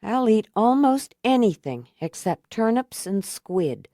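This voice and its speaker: A woman's voice: big pitch swings, measured pace, dark tone, dry recording, studio quality. Woman reading a tremulous, exhausted runaway woman. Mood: weary. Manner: tense and tremulous, lifting higher. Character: frightened, exhausted young woman on the run. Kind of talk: audiobook character voice.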